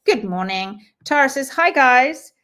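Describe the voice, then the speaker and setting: A woman hosting a live stream, chatting casually as she greets viewers and reads out their comments. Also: high voice. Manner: lively and talkative, with quick asides. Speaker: host of a live stream on hoof care.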